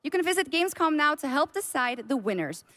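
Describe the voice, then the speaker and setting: A woman reads scripted announcements with upbeat delivery. Her voice is high and the sound is dry and close. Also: very animated, a little fast, a bit bright, dry recording. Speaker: show presenter.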